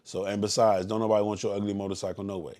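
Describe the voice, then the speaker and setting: A man with a Southern US accent, leading a motorcycle club ride and briefing riders in a casual live stream. He talks bluntly and in a preachy way, and now and then bursts into loud yelling. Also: fairly low pitch, little pitch movement, rapid-fire.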